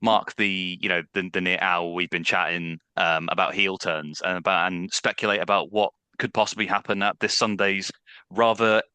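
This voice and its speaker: A man's voice: low-pitched, steady tone, normal speed, pushed and bright, smooth, no room sound. A man co-hosting a podcast in casual chat, rambling with dry sarcasm. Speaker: podcast co-host.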